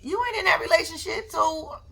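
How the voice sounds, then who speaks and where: A woman's voice: very high-pitched, brisk, creaky, bright, forceful tone. A young woman recapping a reality show in a sassy, slangy way, talking back to the people on it and making frequent asides to her viewers. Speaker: vlogger.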